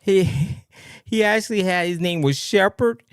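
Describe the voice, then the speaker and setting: Male livestream host, fairly high voice, dry close sound; rambles, stumbles over words, keeps exclaiming. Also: animated, clean tone, dry recording. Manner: rambling, halting, with many fillers and exclamations. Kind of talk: casual livestream commentary.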